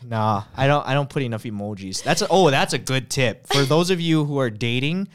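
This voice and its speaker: A man's voice: mid-range voice, expressive, brisk, a little hiss or hum. A young man hosting a podcast in casual chat, easygoing and teasing, laughing often. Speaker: podcast host.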